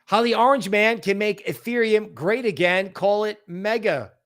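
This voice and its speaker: A high-pitched man hosts a crypto livestream at normal speed, casual and animated. He's sarcastic, often mocking other people's worries by quoting them in silly voices.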